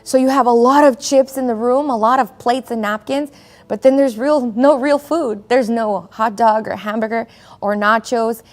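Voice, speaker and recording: A woman's voice: a little high, moderate pace. A woman presenting a conference session on conflict resolution, chatting to her audience and checking in with "right?". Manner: conversational, keeps asking the audience "right?". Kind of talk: virtual conference talk. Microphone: video call.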